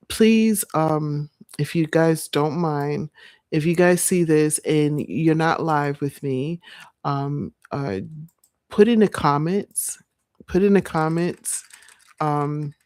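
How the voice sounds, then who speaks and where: A woman vlogging late at night, chatting casually and rambling to her viewers, sounding tired and breaking into excited squeals. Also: deep voice, slow pace, no room sound, clean studio sound.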